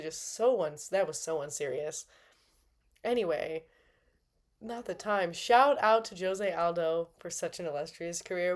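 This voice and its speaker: A woman's voice: lowish voice, unhurried, long pauses. Bubbly, dramatic woman recapping fights. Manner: bubbly, playful and dramatic, with slangy asides. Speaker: MMA fan reviewer. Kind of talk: casual recap commentary.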